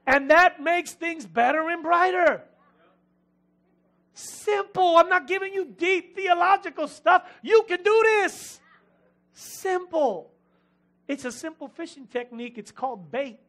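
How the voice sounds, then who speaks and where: A middle-aged man preaching a lively sermon in a church, joking with the congregation between points. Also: very high voice, measured pace. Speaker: pastor.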